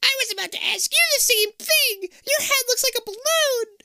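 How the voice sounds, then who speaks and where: A man voicing an indignant girl with a shrunken head and a high, squeaky voice while reading a story aloud. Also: normal speed, bright, forceful tone, dry recording, studio quality, full character voice.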